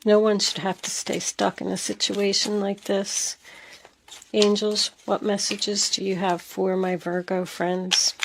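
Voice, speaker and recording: A woman reads tarot cards in an emphatic, earnest monologue. She speaks straight to the listener at an ordinary mid pitch. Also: little pitch movement, measured pace, creaky, background noise. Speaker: tarot reader.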